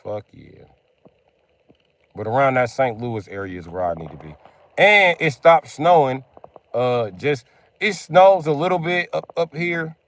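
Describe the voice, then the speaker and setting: A man's voice: mid-range voice, lively intonation, moderate pace. Profane, rambling male streamer. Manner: profane, rambling, tosses in "you know what I mean". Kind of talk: casual gameplay commentary.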